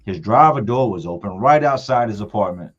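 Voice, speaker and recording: Husky-voiced man telling a family story. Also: lowish voice, expressive, a little fast. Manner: emphatic, repeats words for effect. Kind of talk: casual live-stream storytelling. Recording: dull lo-fi sound with faint music.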